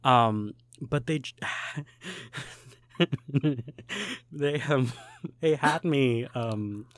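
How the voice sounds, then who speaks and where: A young man co-hosting a podcast, telling an animated story with lots of laughs and fillers. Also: medium pitch, very slow, no room sound, studio quality. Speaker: podcast co-host. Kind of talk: casual chat, storytelling.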